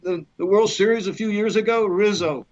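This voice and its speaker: A middle-aged actor from Alabama telling rambling, animated stories in a podcast interview, acting out quotes with many fillers. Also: male voice, high-pitched, moderate pace, dull audio. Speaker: actor guest.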